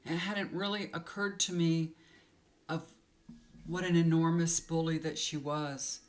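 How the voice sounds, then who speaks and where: A woman tarot reader, her voice low, steady, and a little slow, tells a personal story to camera. She confides emotionally, rambling with many fillers, tearful and close to crying.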